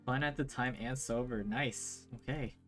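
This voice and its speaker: A man's voice: mid-range voice, steady tone, moderate pace, a bit bright, faint music behind. A man hosting a podcast, asking questions and giving short acknowledgments in a casual interview. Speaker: podcast host.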